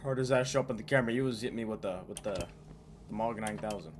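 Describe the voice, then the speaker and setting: A young man doing casual gameplay commentary on a horror game, excitable and swearing a lot as he talks to himself. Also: fairly low pitch, fast talker. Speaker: gaming YouTuber. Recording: noisy game audio.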